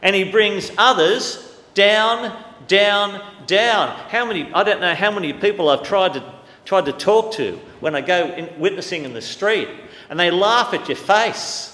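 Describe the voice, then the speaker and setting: A man preaching a sermon with great passion, swinging from loud declarations to hushed, quiet stretches. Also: sits high, animated, normal speed. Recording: echoey hall with long reverb.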